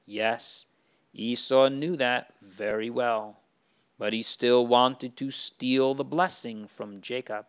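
A man's voice: medium pitch, steady tone, takes it slowly, clear, resonant tone. A man narrating a Bible story to children in an earnest way, sometimes speaking straight to the characters. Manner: earnest, addressing the characters directly. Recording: dull lo-fi recording.

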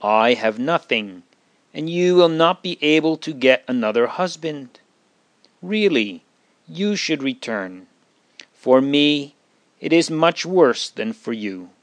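A man's voice: fairly high pitch, lively intonation, takes it slowly, dry recording, voice pushed up. Man voicing a grieving old widow. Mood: pleading. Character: grieving elderly widow, sorrowful and pleading.

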